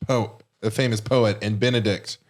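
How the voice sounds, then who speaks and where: A man's voice: on the low side, steady tone, moderate pace, a little mellow. A man co-hosting a podcast, asking wry follow-up questions. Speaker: podcast co-host. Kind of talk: casual chat.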